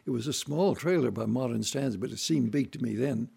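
A man telling family stories in a relaxed, folksy way, acting out voices and sounds as he goes. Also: mid-range voice, brisk, gravelly, slightly rough. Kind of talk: relaxed anecdotal storytelling.

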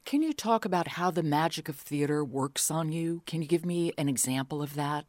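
A woman's voice: deep voice, lively intonation, a little fast, a little mellow, dry recording. A woman interviewing a critic, asking curious, probing questions. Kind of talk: radio interview.

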